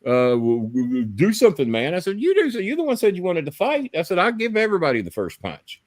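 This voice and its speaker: A man's voice: high voice, fast, no echo. A man, hosting a live podcast and telling long, profane, rambling stories. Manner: profane, rambling, animated storyteller. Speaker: podcast host. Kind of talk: casual storytelling on a live stream.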